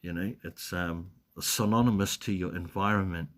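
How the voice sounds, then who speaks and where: A man with a New Zealand accent chatting on a live stream, his voice sitting fairly low. He reads out viewer comments and answers them loosely, with lots of ums, restarts and easy chuckles. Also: normal speed, a bit bright. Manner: rambling, many fillers and restarts, chuckles often. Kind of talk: casual live stream chat reading comments.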